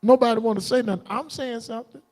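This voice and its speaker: A man preaching a combative, defiant sermon on a livestream, jumping into sudden high outbursts. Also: fairly even intonation, quick pace, darkish tone. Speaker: preacher streaming live.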